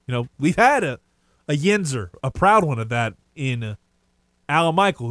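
A man's voice: a little high, dry recording. Casual sports radio man, dry studio sound. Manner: casual, rambling, animated opinions. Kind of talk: sports talk radio monologue.

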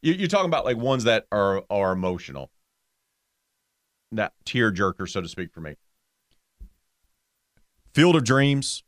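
A middle-aged man co-hosting a casual sports talk show, ranting with animated jumps up in pitch for emphasis. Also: a little slow, pauses often, no room sound, clean studio sound. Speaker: co-host.

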